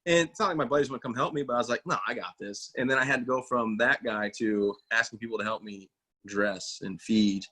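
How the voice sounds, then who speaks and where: Fairly quick, bright and forceful, the mid-range voice belongs to a motivational speaker and army veteran in his thirties. As an interview guest in a casual setting, he tells self-mocking, folksy stories and performs the voices of those he quotes.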